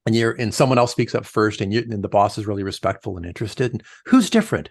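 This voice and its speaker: A middle-aged man speaks as a podcast guest, his voice gravelly with a crackle of fry. The sound is dry and close-miked. He tells stories with energy and slips into other people's voices as he quotes them. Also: lowish voice, fast talker, dry recording. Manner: animated storyteller, acts out quoted voices. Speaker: podcast guest, leadership coach. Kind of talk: conversational podcast interview.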